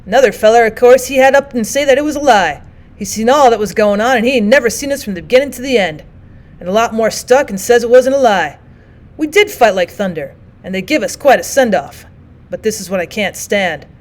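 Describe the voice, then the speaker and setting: A woman voicing a young soldier who complains loudly about an injustice, in plain folksy speech. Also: on the high side, lively intonation, brisk, lightly acted. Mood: aggrieved. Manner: plain rural talk, complaining. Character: aggrieved young male soldier, stout-hearted.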